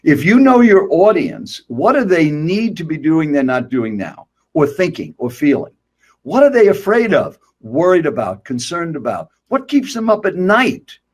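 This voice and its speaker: A man's voice: a little high, big pitch swings, normal speed, darkish tone. Emphatic older man coaching speakers. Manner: emphatic, rhetorical questions, addresses listener directly. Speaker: guest speaker.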